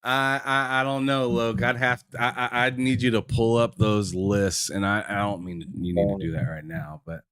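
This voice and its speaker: A man's voice: mid-range voice, moderate pace, creaky, few pauses, fairly bright tone, clean tone, no room sound, clean studio sound. A man co-hosting a casual gaming podcast, often stammering and restarting his sentences. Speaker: podcast co-host.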